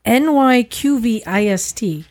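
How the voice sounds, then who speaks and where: A woman co-host chatting casually and reacting with excitement to a video. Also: on the high side, unhurried. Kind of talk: casual chat.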